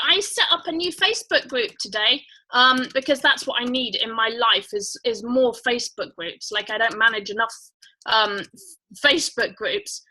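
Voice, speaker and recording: High, bright-voiced woman hosting a chatty livestream. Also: rough recording. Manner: rambling, chatty, many fillers; greets viewers by name. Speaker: livestream host. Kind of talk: casual livestream chat.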